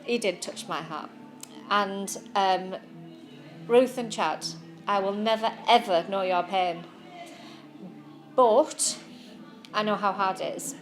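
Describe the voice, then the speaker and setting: A woman's voice: medium pitch, soft background music. A woman giving a heartfelt, casual spoken tribute, prompting others to share memories. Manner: slow, warm-hearted, laughing.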